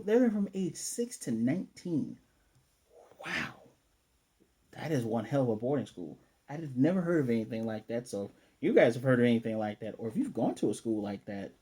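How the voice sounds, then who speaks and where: Mellow American male host, loose rambling anime recap full of fillers. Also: mid-range voice, big pitch swings, fairly quick, breathy edge. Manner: rambling, many fillers and self-corrections. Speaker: anime reviewer. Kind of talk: casual episode review.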